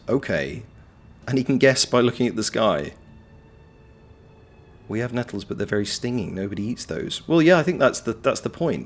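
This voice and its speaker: A man streaming a game and bantering with his chat in a low, lively voice that swings up and down a lot. His manner is wry and chatty, full of playful wordplay. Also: a little hiss or hum. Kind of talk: casual livestream chat, reading chat.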